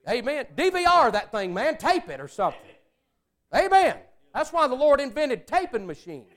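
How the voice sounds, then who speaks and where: Male preacher, high voice, moves from hushed prayer tone to shouts. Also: big pitch swings, moderate pace. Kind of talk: sermon.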